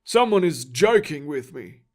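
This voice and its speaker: A man voicing an ancient, unflappable male librarian who talks calmly and with quiet amusement. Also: fairly high pitch, a little slow, heavily acted. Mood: wry. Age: older. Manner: calm, amused and knowing.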